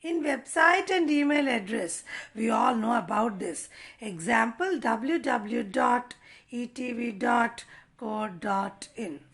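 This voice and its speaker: Slow, high-voiced teacher. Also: female voice, expressive, a bit bright, breathy edge. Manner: slow, deliberate explaining to children. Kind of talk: online class lesson.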